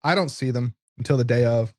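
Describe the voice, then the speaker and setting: A man's voice: mid-range voice, no room sound, studio quality. A man, a podcast co-host, chatting casually and with enthusiasm on a podcast mic. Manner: enthusiastic, quick, loose phrasing. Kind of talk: casual chat.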